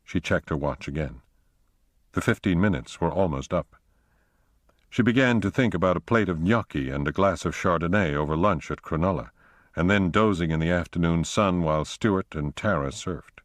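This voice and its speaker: A man reading a thriller audiobook aloud in a measured, steady narration. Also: deep voice, dry recording. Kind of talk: scripted narration.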